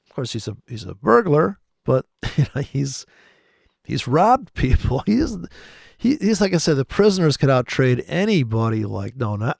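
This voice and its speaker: Man, profane sardonic chart commentary, rough gravelly voice, dry close sound. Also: fairly high pitch, a little mellow, dry recording. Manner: profane, sardonic, mutters asides and mock voices. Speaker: trading video host.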